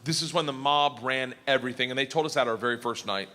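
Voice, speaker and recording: A man doing stand-up comedy, telling a story loudly with laughs and shouted punchlines on a theater stage. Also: medium pitch, quick pace, in a large hall.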